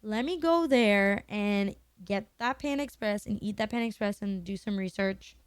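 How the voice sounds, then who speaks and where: A woman's voice: mid-range voice, moderate pace, smooth, no room sound. A young woman streamer in her twenties chatting candidly and emotionally with her viewers, swearing casually.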